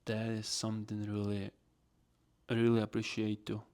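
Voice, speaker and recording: A man's voice: on the low side, completely flat delivery, moderate pace, darkish tone, clear, resonant tone. A man hosting a casual solo podcast, rambling in non-native English phrasing. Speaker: podcast host.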